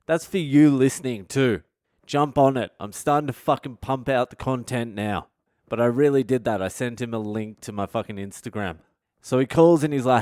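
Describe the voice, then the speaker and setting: Male comedian, middle-aged, blunt and swearing, self-mocking storytelling, mid pitch, dry close sound. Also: normal speed, a little mellow, clear, resonant tone, no room sound. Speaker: comedian and podcast host. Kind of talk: comic storytelling monologue. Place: expat in a city abroad.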